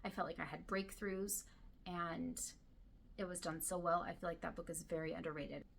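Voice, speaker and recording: A woman chatting casually to camera about books she loves, gushing and sometimes dropping to a soft whisper, her throat dry and irritated. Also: on the low side, fairly even intonation, moderate pace, vocal fry, a little hiss or hum. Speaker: book vlogger.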